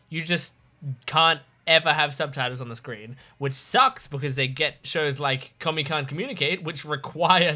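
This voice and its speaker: A man's voice: on the high side, pushed and bright. A man hosting an anime reaction video, chatting casually, rambling and correcting himself, hiccuping as he talks. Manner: rambling, self-correcting, laughs often.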